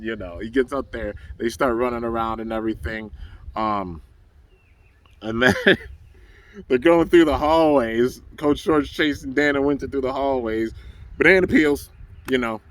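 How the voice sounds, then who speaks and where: A man's voice: mid-range voice, poor audio. Laid-back young guy recapping a cartoon. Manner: rambling, laughs often, acts out character lines. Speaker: anime reviewer. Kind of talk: casual episode recap.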